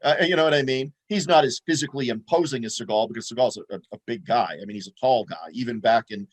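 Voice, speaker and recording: A man's voice: mid-range voice, fast talker, breathy edge. Man, co-host, loose rambling talker, everyday mid-range voice, movie podcast banter. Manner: rambling, many fillers and restarts. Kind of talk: casual movie podcast chat.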